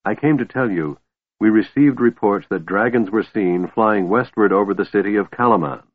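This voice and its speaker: A man's voice: lowish voice, moderate pace, husky. A man voicing a weary, bitter young elf woman commander, sighing through her lines. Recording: tinny phone-like line, dry.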